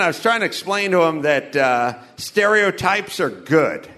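A middle-aged man with a high, bright voice rambles through crude stand-up stories. He laughs at his own jokes and tells them with a deadpan edge. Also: unhurried, few pauses. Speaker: comedian. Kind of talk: loose stand-up storytelling.

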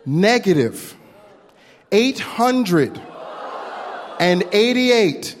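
A man doing a stand-up comedy set, telling a story with lively put-on voices. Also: high voice, extremely slow, some chatter behind. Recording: live room with long reverb and faint noise.

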